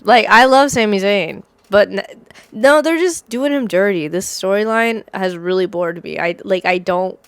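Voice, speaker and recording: A woman co-hosting a relaxed chat, blunt and halting, full of fillers and restarts. Her voice sits at an ordinary pitch. The sound is dry and close, with no room around it. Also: smooth, no echo. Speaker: podcast co-host. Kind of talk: casual chat.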